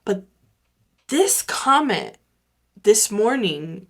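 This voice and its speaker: A woman hosting her own podcast, talking earnestly and emotionally in a halting way, repeating words and swearing now and then. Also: mid-range voice, expressive. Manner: emotional, near tears; swears casually. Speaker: podcast host. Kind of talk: personal solo podcast talk.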